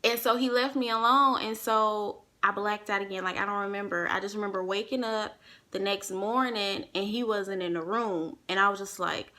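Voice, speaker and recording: A young woman telling a personal story to her listeners in a casual, animated way, swearing freely and acting out what others said. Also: mid-range voice, normal speed. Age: young adult. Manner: animated, profane, acts out quoted voices.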